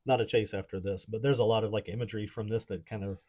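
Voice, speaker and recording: A very low-voiced man from Appalachia co-hosts a podcast in loose, rambling chat. He talks at an easy pace, hunting for words and padding his speech with fillers. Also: quick pace. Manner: relaxed, rambling with many fillers. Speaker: podcast co-host. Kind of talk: casual chat.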